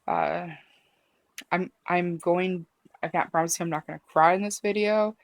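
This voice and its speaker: A woman telling a personal story to camera in a halting, emotional way, with many fillers and restarts. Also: fairly low pitch, steady tone. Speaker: vlogger.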